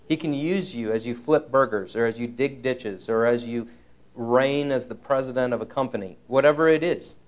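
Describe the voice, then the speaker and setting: A middle-aged man from Canada preaching a sermon in an earnest, urgent way, repeating his key phrases. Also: mid-range voice.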